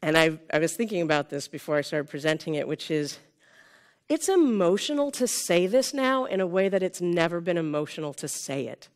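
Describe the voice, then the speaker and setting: A woman's voice: on the low side, sing-song, fairly quick. A woman in her fifties from California gives a conference keynote in a conversational way, often checking in with the audience with "right?". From Sonoma County, California. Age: 50s. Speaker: keynote speaker. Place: conference room with a live audience.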